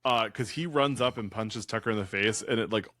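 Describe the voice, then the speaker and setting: Guy podcast cohost going through a movie plot, uhs and ums everywhere, deep-ish dry voice. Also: a little fast, pushed and bright, dry recording. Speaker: podcast co-host. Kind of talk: casual movie recap chat.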